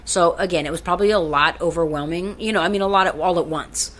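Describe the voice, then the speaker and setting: A woman's voice: lowish voice, fast, a bit bright. A woman co-hosting a podcast in casual chat, rambling and swearing freely. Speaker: podcast co-host.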